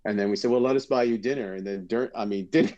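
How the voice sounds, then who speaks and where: A man with a low, dark, mellow voice tells stories on a podcast, acting out quotes with sudden high leaps. He was born in Britain and once hosted TV. The audio is dull and lo-fi. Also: fast. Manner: animated storyteller, acts out quotes with big pitch jumps. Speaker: podcast guest, former TV host. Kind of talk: casual storytelling chat.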